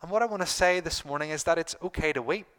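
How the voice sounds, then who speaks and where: A middle-aged man preaching a sermon to his congregation, earnest, repeating phrases and pausing for emphasis. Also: a little high, fairly bright tone, clean tone. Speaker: pastor.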